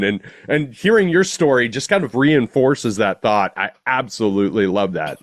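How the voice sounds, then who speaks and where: A male podcast host at a mid pitch reflects on what he has just heard, his voice dry and close. He talks in an affirming, conversational way. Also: expressive, moderate pace, few pauses, no echo. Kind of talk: interview conversation.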